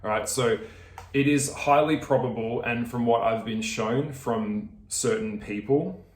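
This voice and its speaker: A man's voice: medium pitch, a little slow. Ranting Australian man, echoey room. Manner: swearing, ranting, laughing, addresses viewers directly. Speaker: video creator. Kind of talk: casual vlog chat.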